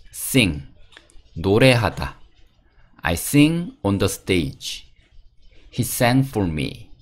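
A man teaching English vocabulary, reading each word, its meaning and example sentences in a steady drill. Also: sits low.

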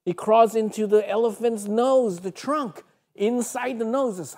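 A woman telling a children's story in a worship broadcast studio, animated, with sound effects and a gentle lesson. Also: on the high side, unhurried.

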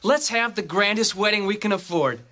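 Cheerful, easygoing newlywed husband. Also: male voice, sits high, brisk. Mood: upbeat. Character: handsome young husband, easygoing. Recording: loud hiss, old TV sitcom audio.

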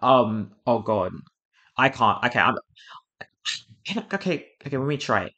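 A woman's voice: rumbling low, normal speed, muffled recording. A woman hosting a reaction video, talking casually with lots of swearing, fillers and restarts. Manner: excitable, swears a lot, many fillers and restarts.

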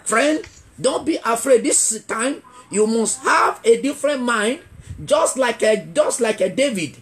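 A man's voice: very high-pitched, animated, measured pace, faint music behind. Male evangelist preaching emphatically. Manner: call-and-response questioning, repeating key phrases; emphatic, builds to shouting. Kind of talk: revival sermon.

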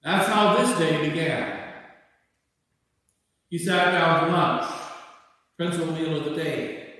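A man gives a sermon in a high voice, slow and deliberate, with emphatic rises and drops. He is heard from a distance, and the sound rings through a large, echoing church with a long reverb. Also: fairly even intonation, sharp tone. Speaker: bishop preaching. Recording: echoey church from far off.

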